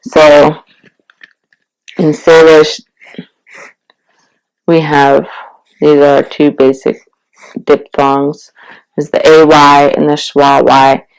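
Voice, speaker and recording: A woman giving a casual video-blog language lesson, explaining slowly and relaxed, with many fillers. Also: low voice, clear, resonant tone, low-quality recording. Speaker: language teacher.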